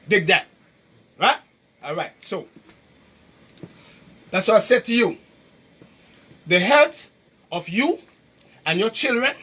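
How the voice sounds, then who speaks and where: Caribbean man, preachy health educator, high lively voice with a husky edge. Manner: preachy, emphatic, repeats points and quizzes listeners. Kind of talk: lively health talk to an audience.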